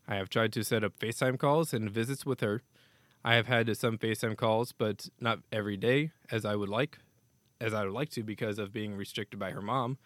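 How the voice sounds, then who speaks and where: A man's voice: mid-range voice, no echo. A man hosting a casual hockey news podcast, reading statements aloud with offhand asides. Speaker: podcast host.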